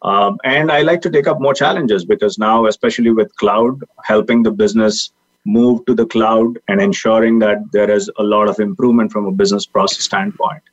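A man's voice: lowish voice, fairly even intonation, brisk. A man speaking earnestly as a podcast guest over a video call, with frequent fillers. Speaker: guest, technology leader. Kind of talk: casual interview talk. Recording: dull lo-fi video call audio.

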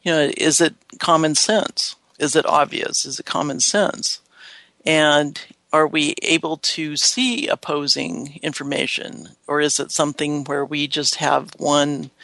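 A woman's voice: deep voice, a bit bright, no room sound. A woman co-hosting a reflective talk show, speaking thoughtfully with frequent hesitations and restarts. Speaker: podcast co-host. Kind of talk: reflective casual chat.

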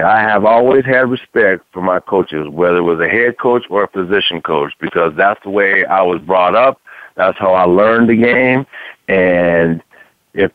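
Low-voiced man on tinny radio. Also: no room sound. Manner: conversational, drawn-out, repeats "man". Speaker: sports talk show co-host, former football player. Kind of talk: casual radio sports talk. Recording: dry, tinny phone-like radio sound.

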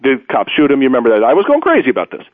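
A man's voice: medium pitch, very fast, no room sound. Opinionated man hosting talk radio, phone-tinny. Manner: rambling, opinionated, animated storyteller. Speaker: radio host. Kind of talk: sports talk radio monologue.

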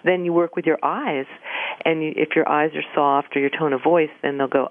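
A woman's voice: sits low, moderate pace, no room sound. A woman being interviewed as a relationship coach, explaining steadily. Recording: tinny phone line.

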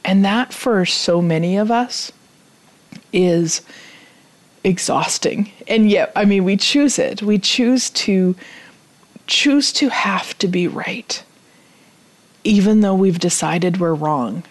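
A woman coaching listeners through a spoken self-help talk. She repeats clearing chants quickly and drops to a soft near-whisper on some phrases. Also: mid-range voice.

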